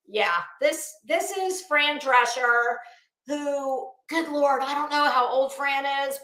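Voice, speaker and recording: A woman's voice: high voice, sharp tone, echoey room. A middle-aged woman giving chatty, opinionated fashion commentary in a sassy, casual way.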